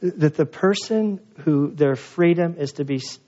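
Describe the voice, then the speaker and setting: A man preaching a sermon in a lively, conversational way, acting out the people he quotes. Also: fairly high pitch, unhurried. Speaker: pastor. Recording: dull lo-fi sound.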